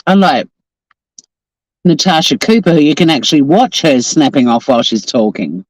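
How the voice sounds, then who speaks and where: A man's voice: on the high side, lively intonation, moderate pace, no echo, rough recording. A man with an Australian accent, from Tasmania, hosting a casual live stream outdoors on the coast, profane and joking as he chats. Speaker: livestream host.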